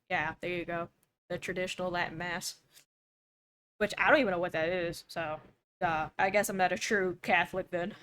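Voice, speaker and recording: A woman's voice: fairly low pitch, a bit bright, clear, resonant tone. Joking young woman streamer. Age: young adult. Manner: joking, sarcastic asides. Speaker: streamer reacting to a video. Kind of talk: casual reaction commentary.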